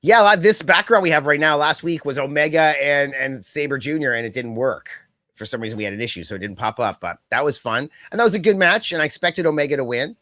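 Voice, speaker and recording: A young adult man co-hosting a casual podcast chat, rambling and animated, with lots of fillers and quick mock impressions. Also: a little high, no echo. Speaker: podcast co-host.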